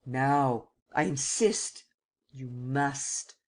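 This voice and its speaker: A woman's voice: a bass voice, very slow, a little mellow, full character voice. A woman voicing a ruthless, commanding nobleman who gives vehement orders in an audiobook.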